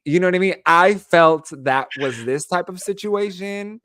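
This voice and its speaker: Lively, laughing gay podcast co-host. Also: male voice, high-pitched, normal speed, no echo, studio quality. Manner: animated, laughing, giving tongue-in-cheek advice. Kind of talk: casual chat.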